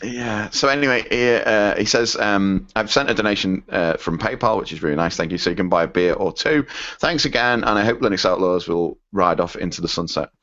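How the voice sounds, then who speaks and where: A man's voice: lowish voice, brisk, fairly bright tone, dry recording. A man in his thirties co-hosting a podcast in casual chat, rambling with lots of ums while he reads listener emails. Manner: rambling, frequent ums and self-corrections. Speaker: podcast co-host. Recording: dull lo-fi dry podcast audio.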